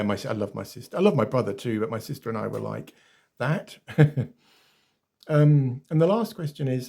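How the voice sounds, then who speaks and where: A man with an English accent, chatting casually to his viewers in a vlog question-and-answer session. He talks warmly and directly to the camera, laughs often and pokes fun at himself. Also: fairly low pitch, creaky. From England. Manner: chatty, often calls viewers "guys" and "beautiful ones"; laughs often, self-deprecating. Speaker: YouTuber. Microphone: phone.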